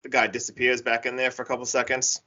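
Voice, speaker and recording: A man casually retelling a horror film's plot on a podcast, rambling and animated with lots of filler words. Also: mid-range voice, fast. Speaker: podcast co-host recapping a horror film. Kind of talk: casual chat. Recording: dull lo-fi podcast audio.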